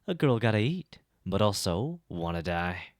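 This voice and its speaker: A man's voice: fairly low pitch, very animated, a little slow, dry recording, studio quality, pitched above the performer's own voice. A man voicing a brash, easygoing huntress in an audiobook reading, blunt and mocking. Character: brash relaxed huntress woman.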